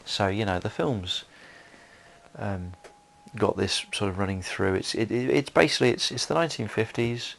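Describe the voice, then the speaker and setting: A man's voice: fairly low pitch, normal speed, creaky, a bit bright. A man giving a solo film commentary, rambling with many fillers and restarts.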